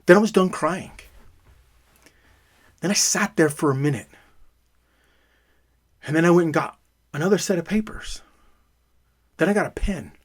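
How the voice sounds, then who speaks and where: A man's voice: fairly high pitch, normal speed, long pauses, husky. A man, a father, telling his own story in an emphatic way and repeating words for emphasis. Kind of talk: personal storytelling.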